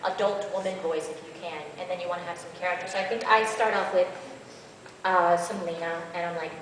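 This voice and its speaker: Woman, voice actress, convention panel Q&A, animated and rambling, echoey hall, far from the mic. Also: on the low side, a little fast, a crowd in the background.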